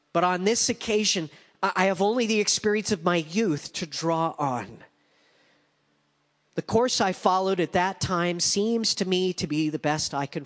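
A weary, resigned aging king speaking quietly and slowly, as a man voices him in a sermon. His voice sits fairly high. The sound carries a long echo from a large hall. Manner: quiet, measured.

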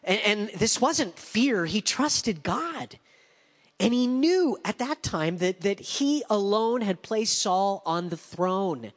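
A man's voice: sits high, animated, takes it slowly, in a large hall. A man preaching a sermon as pastor, conversational with wry asides.

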